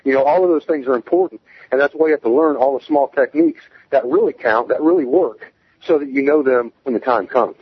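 A man's voice: medium pitch, fairly quick, slightly rough, no room sound, dull audio. A man speaking as a guest in a casual interview, plain-spoken and emphatic as he explains survival skills.

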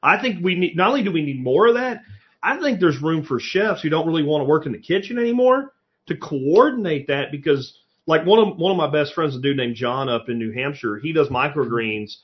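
A man in casual conversation, telling stories with lively energy and the odd curse word. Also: fairly high pitch, a little fast. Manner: animated storyteller, swears casually. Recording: slightly muffled lo-fi audio.

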